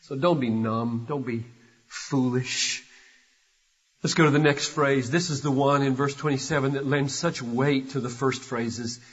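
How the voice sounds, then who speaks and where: An older man, a pastor, preaching an impassioned sermon that swells from hushed to loud and urgent. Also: medium pitch, steady tone, a little slow. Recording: dull, echoey hall recording.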